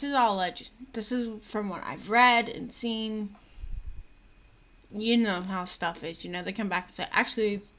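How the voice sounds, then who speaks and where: A young woman talks straight to her camera, chatty, indignant and ready with a sarcastic aside. Her voice is bright and forward, sitting in an ordinary middle pitch. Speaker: vlogger. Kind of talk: opinionated commentary to camera.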